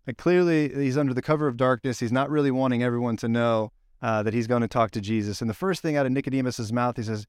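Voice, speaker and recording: A man preaching a casual, conversational sermon, telling the story with lively acted-out quotes. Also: mid-range voice, fast, clear, resonant tone, no room sound, studio quality. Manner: animated storyteller, acts out quoted lines. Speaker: pastor.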